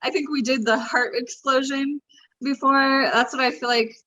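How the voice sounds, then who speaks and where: A woman co-hosting a casual chat, reading tributes aloud, emotional and quick to laugh. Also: sits high, fairly even intonation, bright, forceful tone. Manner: emotional, gushing, laughs easily. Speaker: co-host. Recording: dull lo-fi sound.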